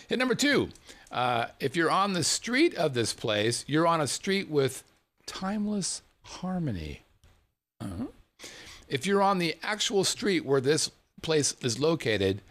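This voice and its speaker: A man's voice: medium pitch, a bit bright. A man hosting a podcast in casual chat, joking crudely and laughing often. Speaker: podcast host.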